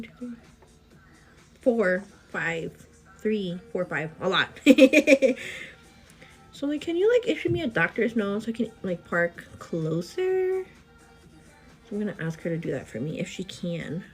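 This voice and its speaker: A pregnant young woman chatting casually to her viewers while getting ready at home, animated and full of fillers. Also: lowish voice, measured pace, faint music behind. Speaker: vlogger. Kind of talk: casual get-ready-with-me chat.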